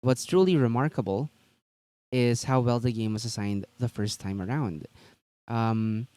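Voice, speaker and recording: A man's voice: mid-range voice, a little mellow, smooth, no room sound. A man co-hosting a tabletop gaming news stream, chatting casually and rambling with lots of fillers and restarts.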